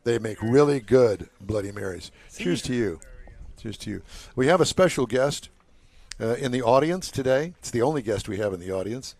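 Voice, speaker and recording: A man's voice: mid-range voice, lively intonation, normal speed, creaky, darkish tone, no room sound. A man in his sixties hosting a casual live show at an outdoor car show, joking and rambling between announcements. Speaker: show host.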